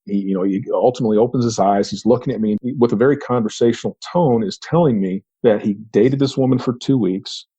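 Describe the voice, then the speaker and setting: A man's voice: medium pitch, warm tone, slightly rough, poor audio. A man, an investigator, recounting an interrogation and acting out his own questions as quoted dialogue.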